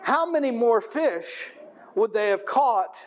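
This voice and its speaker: A man's voice: very high-pitched, lively intonation, slow. A man preaching a sermon, reading verses aloud and retelling them in a conversational way, often checking in with the congregation. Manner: conversational, asks the room "right?" often.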